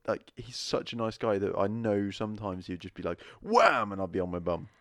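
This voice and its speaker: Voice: deep voice, steady tone, a little fast, a little mellow, no room sound, studio quality. A co-host chatting on a casual home podcast, easygoing and joking. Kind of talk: casual chat. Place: home living room.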